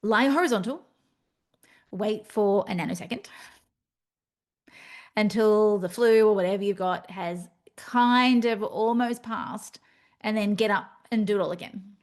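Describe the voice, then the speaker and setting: In her reflective solo podcast, the host talks candidly and with animation, tossing in playful asides. Her medium-pitched voice moves a little slowly and pauses often.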